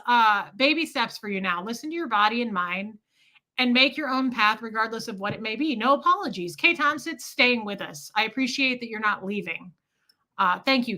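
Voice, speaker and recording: A woman with a bright, forceful voice set a little high, talking on a casual livestream. She tells her story in an animated, sarcastic way and swears freely. Now and then she stops to thank viewers for their super chats. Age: adult, mother of a school-age son.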